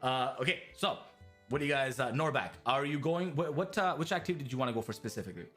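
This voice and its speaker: A man running a tabletop game as game master, animated and laughing, with faint music behind. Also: mid-range voice. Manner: animated, laughing, quick restarts.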